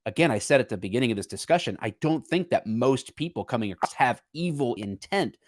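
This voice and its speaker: A man's voice: medium pitch, expressive, fairly quick, no room sound, clean studio sound. A man co-hosting a podcast, talking through an issue in a casual, earnest way and often restarting his sentences as he searches for words. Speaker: podcast co-host. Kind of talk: casual political discussion.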